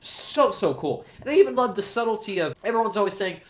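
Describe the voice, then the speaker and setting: A man hosting his own show, giving an excited, gushing solo movie review. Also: sits high, quick pace. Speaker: show host, film reviewer.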